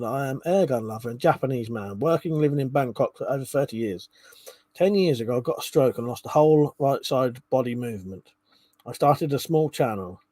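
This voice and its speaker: A man with a medium-pitched, darkish voice runs a casual livestream, reading out viewers' comments while he chuckles and swears without restraint. The recording is dry.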